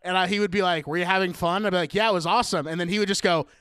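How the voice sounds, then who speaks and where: A young man hosting a casual chat, telling animated stories with laughs and playful voice impressions. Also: high-pitched, rapid-fire, clear, resonant tone, no echo, clean studio sound. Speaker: podcast host.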